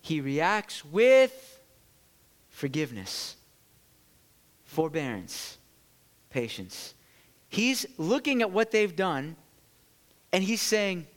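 A man preaching a sermon to his church, animated and swinging from loud bursts to hushed moments. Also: high-pitched. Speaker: pastor.

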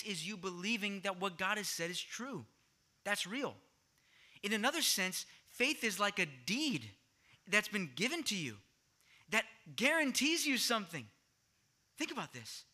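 A man preaching a sermon, explaining a word study to his congregation and asking them questions as he goes. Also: high voice. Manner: teaching, asks the congregation questions, swings louder for emphasis. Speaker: pastor.

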